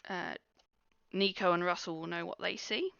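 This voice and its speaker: A woman narrating a tabletop game as game master, describing scenes in a relaxed way with many fillers. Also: fairly low pitch, normal speed, vocal fry, no room sound. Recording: muffled dry recording.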